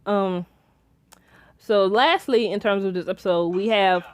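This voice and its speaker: A woman's voice: mid-range voice, unhurried, no echo. Chatty young woman recapping a show. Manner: rambling, excitable, many restarts and fillers. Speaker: TV episode reviewer. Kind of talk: casual episode recap and theorizing.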